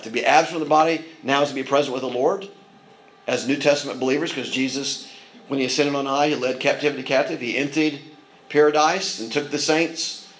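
A man's voice: fairly high pitch, rough recording. A man preaching a sermon in an earnest manner, with frequent restarts and asides. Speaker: pastor.

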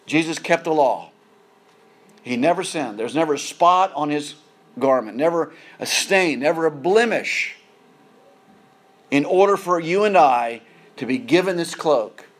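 Guy preaching a sermon, kinda high voice, earnest, repeats himself a lot. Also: lively intonation, measured pace, long pauses. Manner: earnest, repeats words and restarts while building emphasis.

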